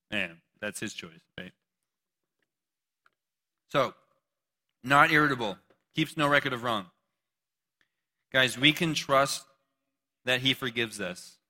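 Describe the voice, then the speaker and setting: A man preaches in a casual, chatty way, cracking jokes and asking his listeners questions. His voice is bright and forceful, at a middle pitch for a man. He sounds like he is speaking to a live group in a church. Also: slow, pauses often. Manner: casual, joking, talks to the audience. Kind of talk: sermon.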